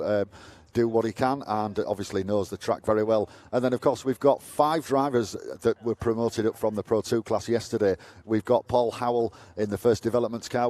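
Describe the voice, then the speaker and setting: Relaxed man co-commentator. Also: on the low side. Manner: relaxed, lots of "uh" fillers. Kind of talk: live motorsport commentary.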